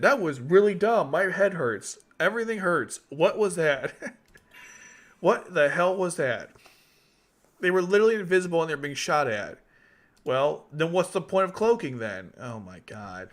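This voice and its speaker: A man talks through casual gaming commentary with a lively, slightly high voice. It cracks now and then. His pitch leaps around as he exclaims in frustration. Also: normal speed. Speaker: YouTube host.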